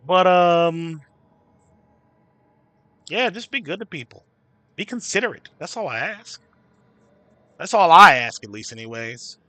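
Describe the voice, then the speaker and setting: A man rants to his livestream chat, swearing casually and calling out viewers by name. His voice sits high and sounds very bright and sharp. The sound is close and dry, with almost no room around it. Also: animated, measured pace, pauses often, dry recording. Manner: swearing freely. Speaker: livestream host.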